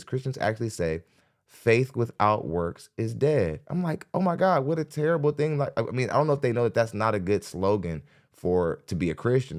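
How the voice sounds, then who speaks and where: Skeptical man doing live reaction commentary. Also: lowish voice. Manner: skeptical, rambling, with restarts. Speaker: podcast host.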